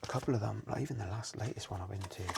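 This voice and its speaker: A man, softly whispering as he chats casually and rambles during an ASMR video. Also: on the low side, very fast, gravelly, heavy background noise. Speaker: card seller and streamer. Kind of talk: soft-spoken ASMR chat. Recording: loud crinkling packaging close to the mic.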